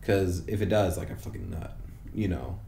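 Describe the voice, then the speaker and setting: Young man, podcast host, low voice, rambling casual chat, lots of swearing, echoey room, faint hiss. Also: fairly even intonation, normal speed, gravelly, warm tone. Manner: rambling, swearing, many restarts and fillers.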